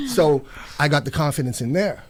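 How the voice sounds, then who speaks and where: A middle-aged man from Canada, telling stories as an interview guest and acting out quotes in bursts of louder, higher voices, laughing often. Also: huge pitch swings, a little slow, noisy background. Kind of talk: casual storytelling interview.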